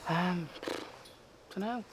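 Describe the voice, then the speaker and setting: Heavy background noise surrounds a young man in a backstage room, speaking very slowly in a high-pitched voice. He's the best friend and touring companion of the person he's describing, and he talks earnestly and at length, acting out quotes in his casual stories.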